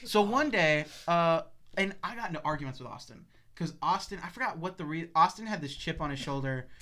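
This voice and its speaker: A man in his twenties tells a story in casual podcast chat, bright and forceful in tone. He is animated, laughs often and slips into voices of the people he quotes. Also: a little high, fairly quick. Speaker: podcast co-host.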